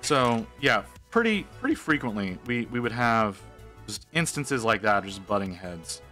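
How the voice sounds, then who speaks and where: A man casually telling an animated, wry story while painting on a stream, with lots of restarts. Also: fairly low pitch, a little slow, faint music behind.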